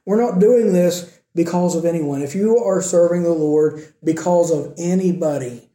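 A man preaches to his congregation, earnest and conversational, pressing his points with rising emphasis. His voice sits a little high yet sounds very dark and mellow. The sound carries the echo of a church room. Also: moderate pace. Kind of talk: sermon.

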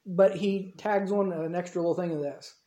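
A man preaching a storytelling sermon with a soft, mellow tone. He talks conversationally and retells the scene in everyday speech. His voice carries a roomy echo from the hall. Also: high-pitched, steady tone, moderate pace. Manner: conversational, acts out dialogue in the retelling.

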